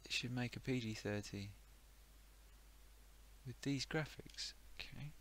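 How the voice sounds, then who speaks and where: A man's voice: lowish voice, slow, pauses often, a bit bright. Chatty sardonic male game streamer. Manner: chatty, sardonic, muttering asides. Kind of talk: casual live-stream commentary.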